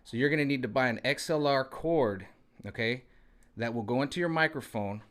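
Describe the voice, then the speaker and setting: A man's voice: mid-range voice, fairly quick, fairly bright tone. A man in his forties talking casually to camera in a rambling, conversational way, often checking in with his viewers. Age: 40s. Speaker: vlogger.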